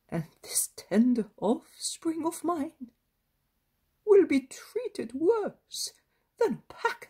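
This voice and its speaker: A woman's voice: a little high, dark tone, husky, pitched above the performer's own voice, full character voice. A woman voicing a tearful elderly peasant grandfather who pleads for his grandson. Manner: tearful and imploring.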